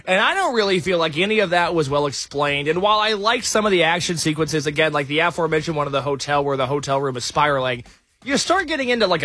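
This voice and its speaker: A man's voice: high voice, bright, forceful tone, dry recording. A man co-hosting a casual movie podcast, talking with wry, exasperated humor. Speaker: podcast co-host reviewing a movie. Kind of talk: casual chat.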